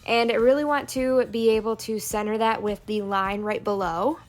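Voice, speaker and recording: A woman narrating a plan-with-me planner video, calmly explaining each crafting step. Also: on the high side, normal speed. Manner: calm step-by-step crafting walkthrough. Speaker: planner vlogger. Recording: soft background music.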